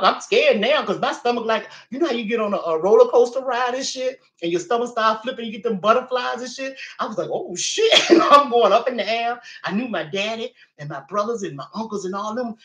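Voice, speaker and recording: Woman livestream host, middle-pitched, lively and salty storyteller, roomy sound. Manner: animated, profane, chatty storyteller. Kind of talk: casual storytelling to viewers. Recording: roomy echo.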